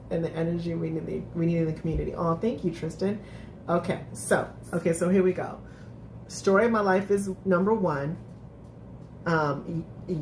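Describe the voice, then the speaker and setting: A woman's voice: lowish voice, a little mellow, slight background noise. A woman hosting a casual live-stream recap, chatting with viewers, laughing often and restarting her sentences. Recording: echoey room.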